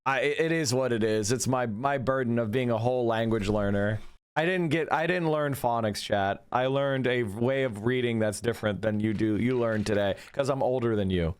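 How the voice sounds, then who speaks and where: A man's voice: mid-range voice, moderate pace, clear, resonant tone. A man streaming live, reading out news and reacting with sarcastic commentary, swearing freely. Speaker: political streamer.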